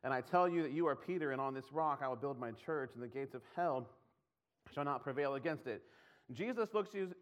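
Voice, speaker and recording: A man preaching a conversational sermon, often laughing and acting out scripture lines in his own voice. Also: fairly high pitch.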